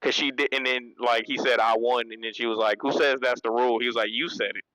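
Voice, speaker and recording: A man's voice: medium pitch, steady tone, fast, pushed and bright, no room sound, rough recording. A man giving a casual spoken manga review, retelling scenes in a loose, slangy way and laughing often.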